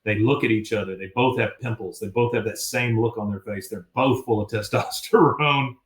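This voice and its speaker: A man hosting a podcast, recapping an episode with animated storytelling and acted-out quotes. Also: fairly low pitch, normal speed, reverberant. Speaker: podcast host.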